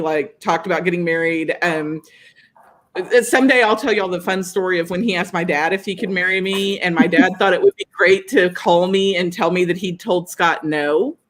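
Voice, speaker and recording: A woman with a lowish voice and moderate pace co-hosts a podcast, relating a story in easygoing conversation. She's animated, laughs frequently, and acts out the quoted speech of the people in it.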